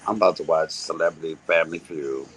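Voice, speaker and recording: A man's voice: extremely low pitch, fast, fairly bright tone, poor audio. A man, ranting to his viewers in a profane, confrontational and mocking way. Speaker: live-streaming commentator. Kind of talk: casual rant to viewers.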